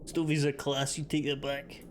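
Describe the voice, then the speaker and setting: A livestreamer with a slightly high voice plays a game and trades jokes with his chat in casual gaming talk, swearing freely. His delivery is completely flat at a moderate pace, with a little background noise.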